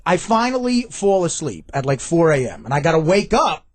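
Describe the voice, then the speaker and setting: A man's voice: on the high side, big pitch swings, normal speed. A man guest telling a story on a radio show, laughing and stammering through restarts. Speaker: guest comedian.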